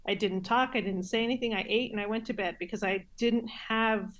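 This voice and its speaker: A woman's voice: medium pitch, fairly even intonation, fairly quick, fairly bright tone. A woman hosts a conversational podcast interview with a mid-range voice. She talks in a supportive, reassuring way, affirming her guest and relating it to her own work. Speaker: podcast host.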